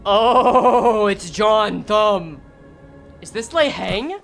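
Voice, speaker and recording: A woman streaming a game, giving animated commentary, reading dialogue aloud and swearing casually. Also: medium pitch, extremely slow, gravelly, faint music behind.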